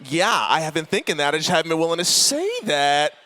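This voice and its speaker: Animated, bright-voiced young man preaching. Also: on the high side, fast talker. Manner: animated, playful, shifts between loud and soft. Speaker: conference speaker. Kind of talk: storytelling sermon. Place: large hall with live audience.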